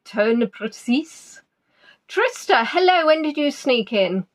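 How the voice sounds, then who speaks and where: A woman's voice: big pitch swings, takes it slowly. Chatty woman hosting a quiz. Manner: teasing, chatty, reads out names and answers with big pitch swings. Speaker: online quiz host.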